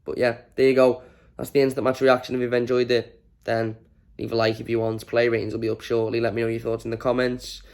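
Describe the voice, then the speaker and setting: A worn-out man rants about his team's loss straight to camera. He sounds exasperated and drained, swears freely, and pitches at an ordinary middle register for a man. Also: little pitch movement, fast, gravelly, a little mellow. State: exhausted from little sleep. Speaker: fan channel host. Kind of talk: post-match reaction rant to camera.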